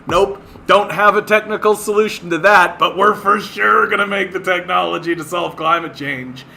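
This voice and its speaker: A man's voice: high-pitched, moderate pace, gravelly, few pauses, bright, forceful tone, a little hiss or hum. A man from Canada hosting a livestream, ranting in exasperated disbelief, swearing and laughing at what he reads. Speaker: livestream host.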